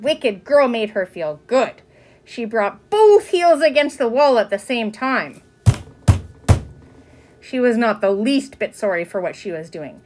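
Expressive woman reading a children's book. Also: mid-range voice, unhurried. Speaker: reader. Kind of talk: storybook narration.

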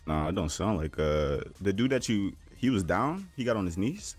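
A young man with a very low, deep voice, talking in loose, relaxed slang as a random teammate in an online game. Game music plays behind him. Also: normal speed, slightly rough. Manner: laid-back slang. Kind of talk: casual gaming chat.

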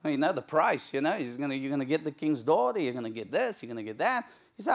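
A man's voice: on the high side, expressive, fast, hardly any pauses. A middle-aged man preaching a sermon in a church, telling the story with animation and acting out the characters' lines. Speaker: pastor. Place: church sanctuary.

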